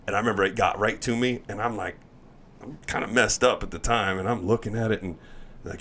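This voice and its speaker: A man in his thirties, a former pitcher, telling a story in casual chat and acting out the other people's lines. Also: fast talker, slight background noise. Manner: animated storyteller, acts out voices, laughs while talking. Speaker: former pro baseball pitcher, podcast guest.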